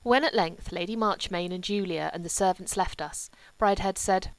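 A woman reading a novel aloud in a measured, clear narration. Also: medium pitch, no room sound. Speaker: audiobook reader. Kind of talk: scripted narration.

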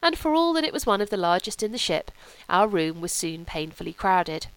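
A woman reads a literary novel aloud in a measured, even narration. Her voice is smooth and clear, recorded close in a dry, dead space with no room sound. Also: medium pitch, dry recording. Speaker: audiobook reader. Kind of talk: scripted narration.

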